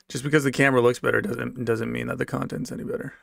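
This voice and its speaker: A man with a gravelly, creaky voice talks to his livestream chat in a loose, rambling way, full of sarcasm and swearing. His pitch sits at an everyday middle. The sound is dry and close, with no room echo. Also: flat delivery, fast, fairly bright tone. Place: basement apartment at home.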